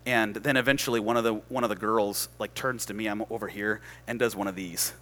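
A man delivers a sermon in a bright, forward voice. He tells stories in a loose, conversational way, full of fillers, and then builds to loud, emphatic peaks. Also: lowish voice, steady tone, a little fast. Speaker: preacher.

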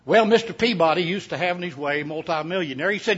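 Preacher, folksy joking storyteller, bright husky tenor. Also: male voice, high voice, quick pace, few pauses. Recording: dull lo-fi sound.

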